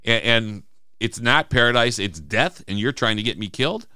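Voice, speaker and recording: A man's voice: mid-range voice, animated, normal speed, sharp tone, clear, resonant tone, no room sound, studio quality. A man co-hosting a podcast, talking through song lyrics in casual, emphatic chat and acting out quoted lines. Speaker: podcast co-host.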